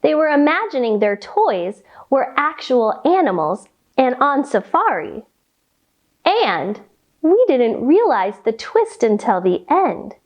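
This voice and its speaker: A woman reading a picture book aloud and leading children through yoga poses in a slow, sing-song, animated way. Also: sits high, muffled recording. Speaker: kids' yoga teacher reading a story. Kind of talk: storytime yoga lesson for children.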